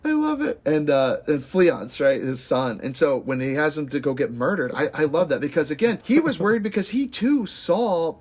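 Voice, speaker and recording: Man, upper-pitched, excitable podcast co-host who acts out the lines. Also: moderate pace, few pauses. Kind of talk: casual movie discussion.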